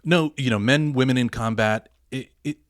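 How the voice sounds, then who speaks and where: A man's voice: medium pitch, normal speed, no echo, studio quality. A man, a pastor and military veteran, telling his story in a candid podcast interview with earnest emphasis.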